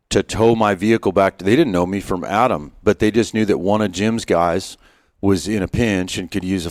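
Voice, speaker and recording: A middle-aged former Marine sniper, appearing as a podcast guest, tells self-deprecating anecdotes in a casual interview, often restarting his sentences; the setting is a wilderness hunting trip. His voice is low, in a dry, studio-quality recording.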